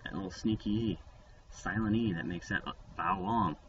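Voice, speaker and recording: A man's voice: low voice, moderate pace. A man teaching young children a phonics lesson in a playful, upbeat way. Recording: distant mic, dull lo-fi sound, faint noise.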